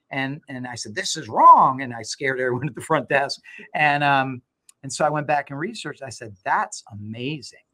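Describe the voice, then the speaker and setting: A middle-aged man, a law firm owner, talking as an interview guest and telling stories with animated, acted-out dialogue. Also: medium pitch. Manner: animated storyteller, acts out quoted dialogue. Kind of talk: conversational interview.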